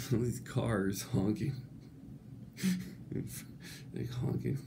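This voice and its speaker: A man telling a rambling comic anecdote, swearing freely and breaking into laughter between halting phrases. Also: on the low side, wildly swooping pitch, vocal fry, background noise. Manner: laughs through his words, swears a lot; halting, many restarts. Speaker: storyteller.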